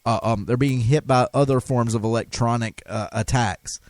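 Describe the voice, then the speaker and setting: A man's voice: mid-range voice, fairly even intonation, brisk, darkish tone, dry recording. A man hosting a talk radio show, delivering an impassioned, emphatic monologue with frequent restarts. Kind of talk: conspiracy talk radio rant.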